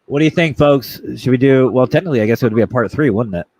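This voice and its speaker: Telling a funny story on a casual talk show, this male podcast host is animated and jokey, acting out different voices. His pitch is medium and his pace quick.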